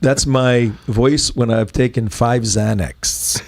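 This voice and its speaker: A middle-aged man hosting a political talk show, opinionated and halting, often restarting his sentences. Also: mid-range voice, fairly even intonation, gravelly.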